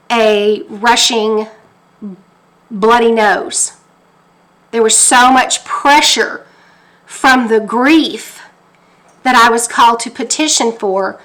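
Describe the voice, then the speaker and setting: A woman from Texas recounts a personal testimony in a fervent, emotional way, quoting her own prayers aloud. Her voice sits a little high and sounds bright and forceful. She talks from her kitchen table at home. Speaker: faith teacher.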